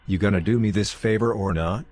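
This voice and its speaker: A man voicing a young man trapped inside a beer can, chirpy and taunting in a low voice. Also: fairly quick, a little mellow, lightly acted. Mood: mocking.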